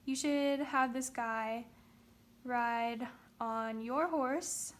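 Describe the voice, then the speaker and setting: A proud, scheming court official from a storybook tale, put on by a woman telling the story. He sounds casual and pleased with himself, and the voice sits high. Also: extremely slow. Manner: casual, self-satisfied.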